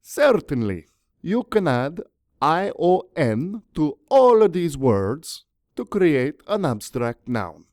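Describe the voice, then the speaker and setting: A man's voice: on the high side, sing-song, slow, darkish tone, no room sound, clean studio sound, pitched above the performer's own voice, heavily acted. A man playing Caesar, a stately Roman general. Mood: grand. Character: Julius Caesar, ancient Roman general, grand.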